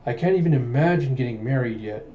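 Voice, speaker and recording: A man voicing a kind, shy young man in a soft, reassuring tone while reading a comic aloud. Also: mid-range voice, animated, fast talker, natural voice. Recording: dull, roomy home recording.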